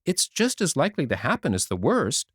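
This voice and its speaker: Man doing an earnest young girl, storybook, enthusiastic, pleading, higher voice, close dry sound. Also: huge pitch swings, fairly quick, husky, no echo, heavily acted. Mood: eager pleading. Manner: eager, pleading, bright-sided. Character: enthusiastic sixteen-year-old girl, idealistic.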